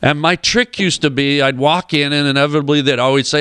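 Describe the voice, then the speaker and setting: A man with a smooth, clear voice sitting a touch high for a man tells a story in a dry, close studio sound. He speaks on a radio talk show as a guest comedian, casual and lively, and he slips into the voices of the people in his tale. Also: fairly quick, no room sound. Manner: animated storyteller who acts out quoted voices. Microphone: studio microphone.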